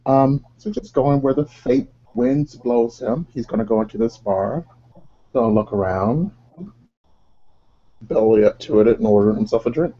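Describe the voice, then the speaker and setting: A man narrating his character's actions in a tabletop game, relaxed and rambling, with lots of fillers. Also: mid-range voice, normal speed, slightly rough. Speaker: player. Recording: dull lo-fi recording.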